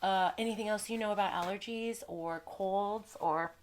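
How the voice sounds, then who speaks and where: A woman's voice: medium pitch, normal speed, a little hiss or hum. A woman vlogger with a slightly nasal, congested voice, chatting casually to camera and wandering off on tangents. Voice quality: a little nasal. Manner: rambling, chatty, goes off on tangents. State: congested with a cold.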